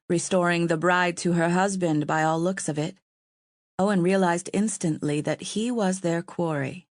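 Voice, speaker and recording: A woman narrating an audiobook in a steady, even storytelling manner. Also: fairly low pitch, dry recording, clean studio sound.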